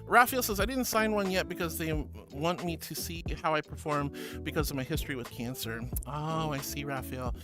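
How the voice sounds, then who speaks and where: A woman with a deep voice streams as a VTuber, chatting casually at a moderate pace. She's bubbly and giggly, reading chat messages aloud, with music playing in the background.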